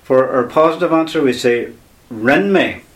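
A man's voice: mid-range voice, a little slow. A man teaching a language lesson on air, explaining patiently step by step and repeating key words.

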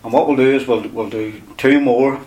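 A man's voice: mid-range voice, fairly even intonation, moderate pace, darkish tone. Patient man teaching grammar. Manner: patient, explains step by step with repetition. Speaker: Irish language teacher. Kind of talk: radio language lesson.

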